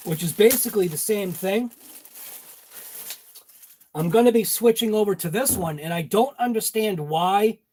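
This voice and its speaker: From his home garage workshop, a Massachusetts channel host chats casually and jokes around, calling out viewers by name. His voice is high but darkish in tone.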